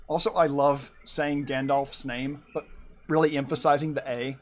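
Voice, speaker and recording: A man's voice: medium pitch, little pitch movement, moderate pace. A man streaming from his room at home, chatting casually and rambling while he draws and answers his chat. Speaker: art streamer.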